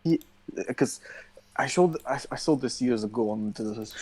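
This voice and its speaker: A man's voice: mid-range voice, unhurried, dark tone. A young man co-hosting a podcast, telling stories bluntly with heavy swearing. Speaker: podcast co-host. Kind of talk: casual chat.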